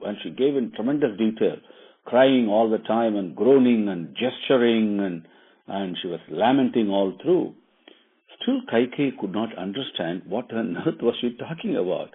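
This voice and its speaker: A man's voice: lowish voice, lively intonation, a little slow, breathy edge. A man telling a religious epic as a casual lesson, meandering and savoring details. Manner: meandering, with fillers and restarts, relishing details. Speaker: storyteller and teacher. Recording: tinny phone-like line.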